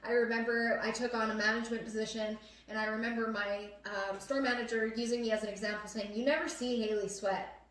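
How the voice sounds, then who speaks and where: A young woman talks earnestly in casual chat, often pausing on fillers. Her voice is a touch high. She sits a little away from the mic in a noticeably echoey room. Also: little pitch movement, fairly bright tone, distant mic. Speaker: host.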